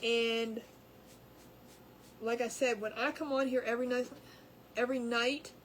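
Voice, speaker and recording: A high-voiced woman chats her way through a craft livestream from home. She rambles and laughs easily with her viewers. A faint hum runs under her voice. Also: steady tone, a little slow, low-quality recording. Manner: chatty, rambling, laughs often. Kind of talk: casual chat with live viewers.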